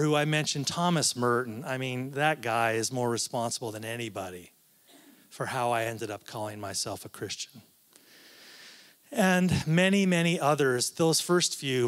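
A man's voice: mid-range voice, fairly bright tone. A man, a professor, giving a conversational talk at a church, with asides and frequent restarts. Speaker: guest speaker, professor.

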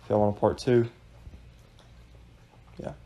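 A man's voice: fairly low pitch, level tone, measured pace, lo-fi sound. A man casually introducing his cats for a home video in a laid-back, drawling way. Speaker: pet owner.

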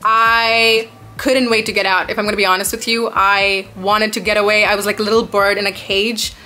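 Bubbly young woman vlogger, bright voice. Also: mid-range voice, little pitch movement, a little fast, faint music behind. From Dubai. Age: 20s. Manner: bubbly, rambling, dramatic exclamations. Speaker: vlogger answering viewer questions. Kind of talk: casual Q&A vlog.

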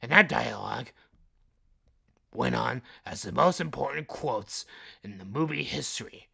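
Gravelly, husky male podcast host, slow and deliberate, reads trivia with comic asides. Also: medium pitch, expressive, sharp tone. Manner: jokey outbursts between read facts.

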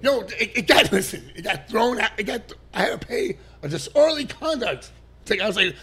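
A high, gravelly-voiced man spins stories as a podcast guest. His pitch leaps around wildly as he talks, profane and animated, laughing as he goes. It is loose, casual chat. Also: fairly quick.

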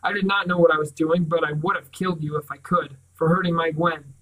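A man reading aloud, voicing a thin, worn older father who speaks strong, clear and cold. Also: fairly high pitch, steady tone, fairly quick, fairly bright tone, recorded from a distance, low-quality recording. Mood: firm.

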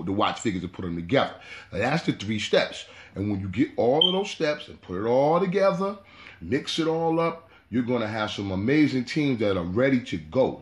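A man hosting his own hobby channel, giving a casual, repetitive how-to talk full of "you know". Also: medium pitch. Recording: echoey room.

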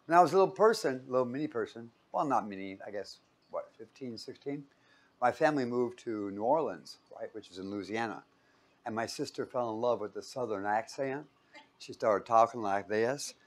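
A man's voice: mid-range voice, animated, brisk. A man from Los Angeles, giving a casual, joking sermon full of stories. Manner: chatty, joking storyteller. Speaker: preacher.

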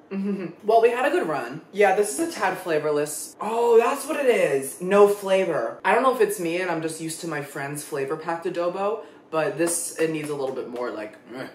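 In a casual food-tasting vlog, a young man with a high, expressive voice reacts dramatically and swears freely, though he speaks unhurriedly. The room is echoey, and there's a little hiss or hum.

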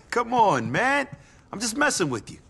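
An actor playing a dry-witted ex-soldier criminal in a video game, talking in a sarcastic, deadpan way. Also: male voice, sits high, slow pace, creaky, noisy background, full character voice.

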